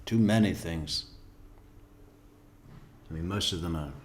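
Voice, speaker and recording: Man hosting a live trial stream: deep, unhurried, sarcastic, swears freely, talks from a home office. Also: a little hiss or hum. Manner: sarcastic, profane asides. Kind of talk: casual live commentary.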